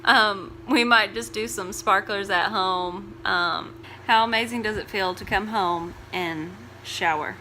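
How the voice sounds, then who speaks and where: Giggly young mom chatting at home. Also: female voice, medium pitch, measured pace, sharp tone, a little hiss or hum, rough recording. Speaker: vlogger mom. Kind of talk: casual family vlog chat.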